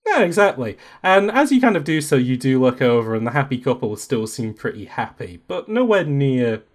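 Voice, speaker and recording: Lively male game master. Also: medium pitch, moderate pace. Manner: casual, lively narration. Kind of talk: narrating a tabletop game.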